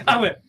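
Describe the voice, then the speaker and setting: A man telling stories in casual podcast chat, often laughing and acting out the voices of people he quotes. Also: background noise. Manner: swears casually, repeats words. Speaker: podcast host.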